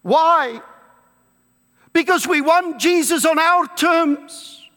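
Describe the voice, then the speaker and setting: A man with a very high, bright voice preaches an emphatic sermon. He takes his time, drawing out the words he wants to land. The church around him rings with a long reverb. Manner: emphatic preaching with slow, drawn-out stresses and quoted scripture. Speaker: pastor.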